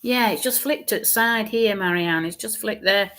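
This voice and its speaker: A woman gives a live mediumship reading in a voice of middling pitch. She speaks haltingly, repeating and restarting words as she describes what she sees. Now and then she sinks into soft, quiet murmurs.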